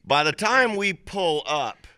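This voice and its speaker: A middle-aged man, a musician telling an animated story as an interview guest, laughing often and acting out the voices of people in it. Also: on the high side, takes it slowly, clean tone, no echo, studio quality. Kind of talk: casual storytelling.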